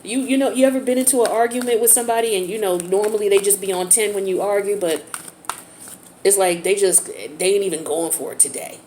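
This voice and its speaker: A woman's voice: medium pitch, steady tone, a little fast, warm tone, a little hiss or hum. A woman giving a casual tarot reading in a chatty, slang-filled way. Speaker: tarot reader.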